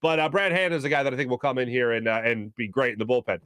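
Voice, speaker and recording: A man hosting a sports talk show, rambling in quick, animated bursts full of fillers and reading ads live. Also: mid-range voice, smooth, no room sound.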